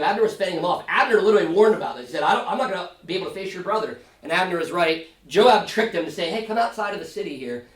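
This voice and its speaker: A man's voice: fairly high pitch, fairly bright tone. A male pastor leading a Sunday school Bible study, talking conversationally with many fillers and acting out quoted lines. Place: church room. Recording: roomy echo, far from mic.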